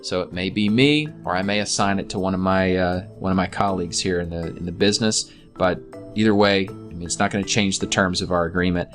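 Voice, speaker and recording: Guy with a lowish voice reading a contract out loud, cracking little jokes, faint music behind. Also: fairly even intonation, brisk. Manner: reads clauses aloud, then jokes and asides. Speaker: real estate investor explaining a form. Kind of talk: casual explainer reading a document aloud.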